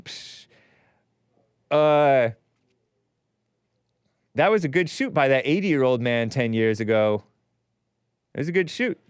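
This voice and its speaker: A man's voice: mid-range voice, clear, resonant tone, dry recording. A man hosting a call-in talk show, rambling and combative, laughing at his own jokes.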